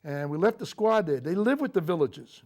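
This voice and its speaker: An older man, a Marine veteran, recounting his memories in a TV interview, speaking haltingly with frequent fillers and restarts. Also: fairly high pitch, big pitch swings, a little mellow. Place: local TV studio.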